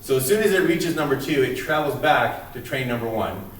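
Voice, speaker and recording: A man's voice: medium pitch, lively intonation, fairly quick, a little hiss or hum. A man giving a recorded university lecture, speaking earnestly and emphatically with frequent restarts. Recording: distant mic in an echoey room.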